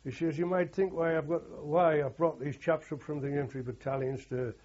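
A man's voice: on the high side, fairly even intonation, brisk, a little mellow. An older man, a war veteran telling rambling oral history anecdotes and quoting others with "he says". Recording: dull lo-fi recording.

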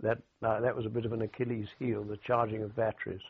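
An older British man in an oral history interview, recalling wartime radio work in an anecdotal way with dry humour and halting restarts, heard over a tinny phone-like recording. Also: lowish voice, little pitch movement, a crowd in the background. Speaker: war veteran interviewee.

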